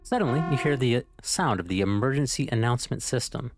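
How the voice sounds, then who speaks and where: Lively man reading a game aloud. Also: medium pitch, brisk, hardly any pauses, dry recording, soft background music. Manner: animated, reading narration aloud. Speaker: streamer. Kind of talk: reading a visual novel aloud.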